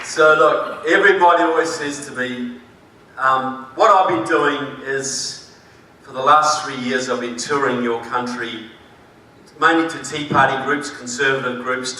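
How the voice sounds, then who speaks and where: A man's voice: medium pitch, pushed and bright, a little hiss or hum. A man from New Zealand with a New Zealand accent, giving a conference speech with emphatic delivery and dry humor. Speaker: conference speaker. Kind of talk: public speech. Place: large conference hall. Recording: echoey hall, distant mic.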